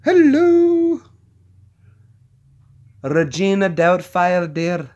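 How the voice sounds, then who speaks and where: A brassy, mean old lady sings out her words in a shrill, swooping falsetto, as a man puts her on. She draws her words out with plenty of show. It has the feel of a homemade vlog impression. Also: very animated, very slow, a little mellow, lo-fi sound, exaggerated voice. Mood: showy.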